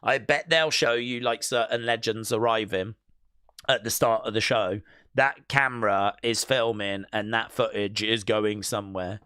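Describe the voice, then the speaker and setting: Chatty male streamer musing aloud, smooth tone, dry sound. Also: lowish voice, steady tone, a little slow, bright, forceful tone, dry recording. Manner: reads news items aloud to viewers. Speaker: wrestling stream host. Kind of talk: live watch-along commentary.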